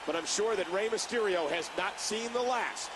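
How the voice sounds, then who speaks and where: A man voicing a recorded play-by-play wrestling commentator in a video game, calm and scripted. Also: high voice, moderate pace, lightly acted. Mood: even. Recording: noisy game audio from a distance.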